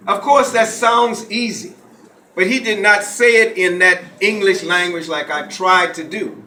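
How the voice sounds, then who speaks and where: A man's voice: high-pitched, measured pace, bright, forceful tone, slight background noise. A middle-aged man gives a lecture to a live audience and leads call-and-response. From Gullah Geechee coast of the US. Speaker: lecturer and author. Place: college hall, indoors. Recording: echoey hall with faint ambience.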